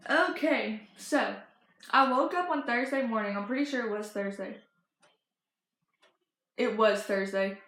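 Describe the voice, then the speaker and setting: A woman's voice: on the high side, measured pace, pauses often, fairly bright tone. Gushing teenage girl, echoey room. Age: teens. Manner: gushing, breathless storytelling with many fillers and restarts. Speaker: fan vlogger. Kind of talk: excited casual chat.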